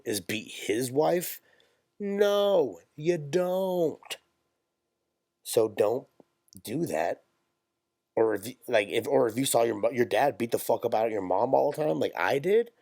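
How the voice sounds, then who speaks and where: A man's voice: fairly low pitch, vocal fry, darkish tone, no echo, studio quality. Rambling, profane young man. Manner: profane, rambling, jokey, quick bursts. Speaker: podcast co-host. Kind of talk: casual chat, storytelling.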